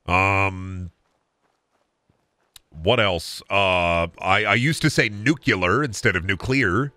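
A man's voice: low voice, slow pace, pushed and bright, no room sound. A man in his late twenties from Iowa with a Midwestern accent, rambling crudely and joking through a casual game stream, tired from little sleep. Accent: Midwestern American. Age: 20s. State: sleep-deprived. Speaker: gaming streamer. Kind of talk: casual livestream commentary.

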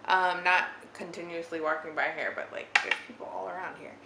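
A woman's voice: fairly low pitch, fairly even intonation, brisk, very noisy. A young woman chatting casually through a makeup tutorial in her living room, rambling and giggly with lots of "like". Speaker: beauty vlogger. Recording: roomy living room with faint ambience.

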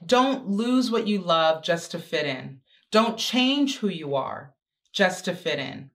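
A woman's voice: lowish voice, animated, slow. A woman giving a motivational talk to teenage girls, with emphatic, repetitive exhortations and chatty, sassy asides. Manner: emphatic, repetitive exhortation with sudden swings in pace. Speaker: guest speaker.

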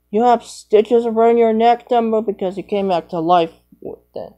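A woman's voice: medium pitch, expressive, a little slow, mellow, muffled recording. A woman rambling through improvised toy play, jumping between made-up character voices.

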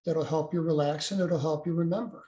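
A man's voice: a little high, fairly even intonation, brisk, warm tone, reverberant, lo-fi sound, natural voice. An older man voicing a stern, mocking military major who bullies a young sergeant. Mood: mocking threat. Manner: sarcastic, bullying.

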